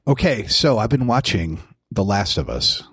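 A man's voice: lowish voice, very animated, moderate pace, fairly bright tone, slightly rough, no room sound. A man from the American Midwest co-hosting a podcast, talking casually with dry humor. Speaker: podcast co-host.

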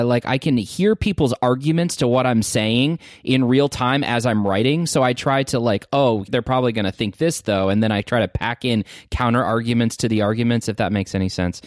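A man's voice: mid-range voice, no echo, clean studio sound. A man co-hosting a podcast, chatting casually and enthusiastically about movies and shows. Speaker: podcast co-host.

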